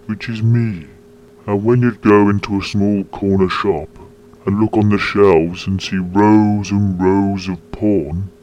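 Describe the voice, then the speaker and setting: A man voicing a grumbling, scornful male talking tree in a slow, deep, mocking monologue. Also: a little mellow, rough recording.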